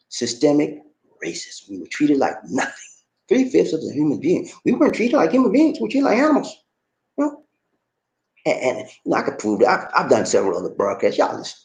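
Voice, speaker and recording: This online commentator, a middle-aged man, addresses viewers directly with an emphatic, repetitive, casually preachy monologue, peppering it with "man." His voice is fairly high and a little mellow, and the audio carries a roomy echo.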